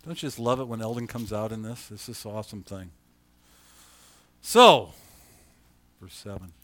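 A pastor preaching in a conversational way, reading scripture aloud and rising to loud emphasis. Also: male voice, on the low side, animated, moderate pace. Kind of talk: sermon.

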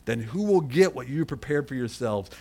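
A man's voice: mid-range voice, lively intonation, normal speed, vocal fry, darkish tone. A middle-aged man preaching a sermon in a conversational way and calling on people in the congregation by name. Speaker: pastor.

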